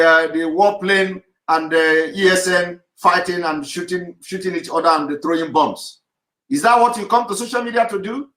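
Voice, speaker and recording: Man, activist broadcast, insistent repeated demands, bright voice in an echoey room. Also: sits high. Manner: insistent, repetitive, forceful oratory. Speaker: activist leader giving a live broadcast. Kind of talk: live online address to followers. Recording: roomy echo.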